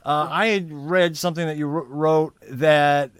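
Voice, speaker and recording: A man's voice: fairly high pitch, steady tone, measured pace, clear, resonant tone. A man hosting a podcast, casually asking questions and wrapping up the episode from home. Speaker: podcast host. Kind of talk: interviewing and closing remarks. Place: home studio.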